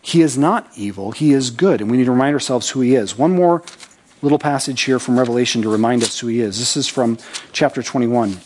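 A man's voice: medium pitch, a little fast, a little mellow, a little hiss or hum. A man preaching a sermon as pastor, talking conversationally, reading scripture aloud with his own asides and checking in with "right?".

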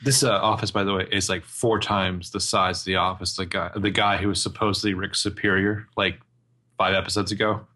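A man's voice: low voice, level tone, brisk, pushed and bright. A man co-hosting a podcast, recapping a TV episode with wry, joking asides. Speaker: podcast co-host. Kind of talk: casual chat recapping a TV episode.

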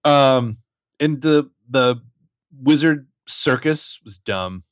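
A man's voice: medium pitch, animated, takes it slowly, clean tone, dry recording, highs cut off. A man co-hosting a podcast, sarcastic and profane while mocking a film. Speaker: podcast co-host. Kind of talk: casual film review chat.

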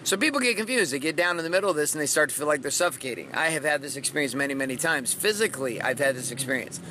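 A man's voice: fairly high pitch, expressive, rapid-fire, pushed and bright, slight background noise. A middle-aged man hosting a motivational podcast, talking in a brash, profane, punchy way with dramatic swings. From Washington state, USA. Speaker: podcast host. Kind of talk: motivational monologue.

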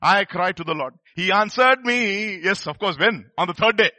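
A man's voice: sits high, moderate pace, few pauses, bright, forceful tone, no room sound. A man preaching a sermon, emphatic and firing rhetorical questions at the congregation.

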